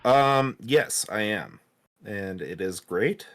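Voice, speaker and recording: A man's voice: fairly low pitch, animated, slow pace, fairly bright tone, dry recording. A man calling in to a livestream, chatting in a laid-back, hesitant way. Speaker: caller. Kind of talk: casual call-in chat.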